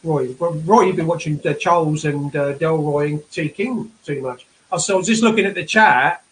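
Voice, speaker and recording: A man's voice: fairly high pitch, moderate pace, a little hiss or hum, poor audio. A man hosting a chat show, who reads out viewer comments and hesitates with many fillers. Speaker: host.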